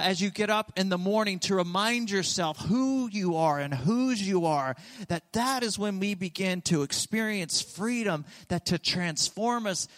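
Male pastor, higher-pitched voice, earnest, repeats key phrases; preaching in a church with a long hall echo. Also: a bit bright. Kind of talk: sermon. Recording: long reverb of a large hall.

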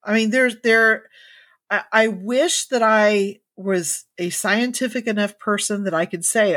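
Woman on a podcast, talks it through slow and careful, dry close sound, middle pitch. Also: a bit bright, dry recording. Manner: thoughtful, measured, hedging. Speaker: podcast co-host. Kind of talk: casual chat.

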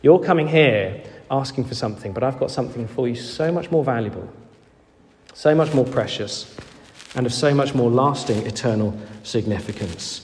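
A man's voice: mid-range voice, normal speed, a little mellow. A man, a vicar, preaching a sermon in a church and acting out the voices of people in the story. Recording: long echoey church reverb.

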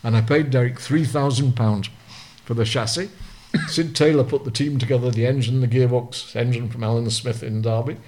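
A man's voice: mid-range voice, fairly even intonation, moderate pace, a little mellow. Older Lancashire man telling racing stories. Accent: Lancashire English. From Lancashire, England. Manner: vivid storyteller, acts out the people he quotes. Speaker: guest, retired racing driver. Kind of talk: anecdotal storytelling.

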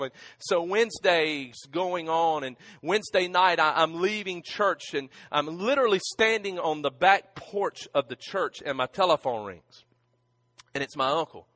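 A man with a high voice preaches a sermon. His delivery is emphatic, with frequent restarts and stammers. The sound is dry and close, with little room echo. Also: measured pace. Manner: drops to a hushed, near-whispered voice at emotional moments. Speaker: pastor.

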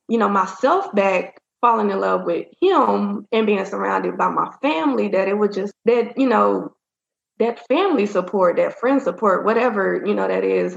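A woman speaks as an interview guest, candid and rambling, her voice carrying a gravelly edge. The recording is roomy and a little dull, and her pitch sits in a middle range. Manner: candid, rambling, many fillers. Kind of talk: casual storytelling in an interview. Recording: roomy, dull-sounding audio.

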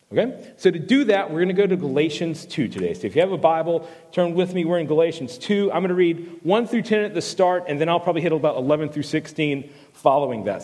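Animated fill-in preacher in a reverberant hall. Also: male voice, a little high. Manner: animated storyteller, self-deprecating jokes. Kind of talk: sermon with personal story.

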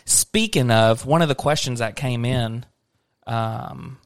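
Teasing dad hosting a family podcast. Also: male voice, medium pitch, slow pace, gravelly, dry recording, studio quality. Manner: joking, teasing, bursts into laughs. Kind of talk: casual family podcast chat.

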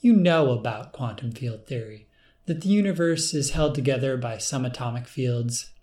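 A man reading an audiobook, voicing a calm, commanding male clone of the narrator who speaks in an assured, cryptic way. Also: mid-range voice, normal speed, lightly acted.

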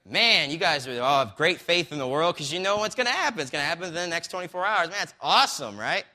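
Bright-voiced preacher in a reverberant hall. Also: male voice, fairly high pitch, lively intonation, quick pace. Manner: conversational, storytelling with acted quotes, frequent "right?" asides. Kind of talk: sermon.

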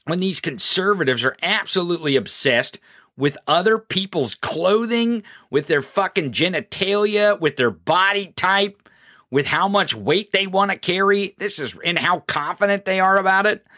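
A man's voice: high-pitched, expressive, normal speed, pushed and bright, no echo, clean studio sound. Profane, ranting male podcast host. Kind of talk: live political commentary podcast.

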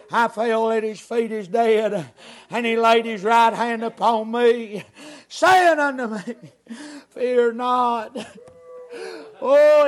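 High-voiced shouting preacher. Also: male voice. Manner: impassioned, chanting repetitions, shouting out. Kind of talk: revival sermon.

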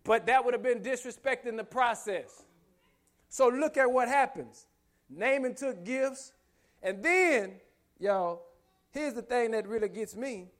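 A male preacher with a notably high voice delivers an emphatic sermon. He builds momentum by repeating rhetorical questions, and he breaks it up with humorous asides and laughs. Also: a little slow, a bit bright.

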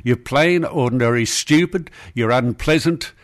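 A man's voice: mid-range voice, a little slow. An older Australian man hosting talkback radio, blunt and scolding as he argues with a caller.

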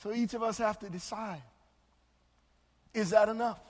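A male pastor preaching a sermon, moving between loud, drawn-out exclamations and soft, hushed passages. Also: high-pitched, steady tone. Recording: long hall reverb.

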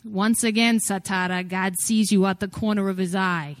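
A woman putting on a deliberately bad Brooklyn accent to voice a gruff male servant in a retold film scene. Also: medium pitch, fairly even intonation, dry recording, studio quality, close to an everyday voice. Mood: solemn. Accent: Brooklyn, put on. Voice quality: exaggerated, self-admittedly terrible impression.

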